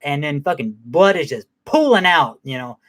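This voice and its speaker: A man's voice: a little high, very animated, normal speed, a bit bright. A man giving a casual spoken movie review, rambling and swearing heavily, with lots of restarts.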